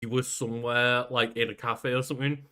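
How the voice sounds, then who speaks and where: A man's voice: mid-range voice, flat delivery, a little fast, pushed and bright. A man co-hosting a casual podcast, chatty, laughing often and swearing offhand. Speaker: podcast co-host. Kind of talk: casual chat.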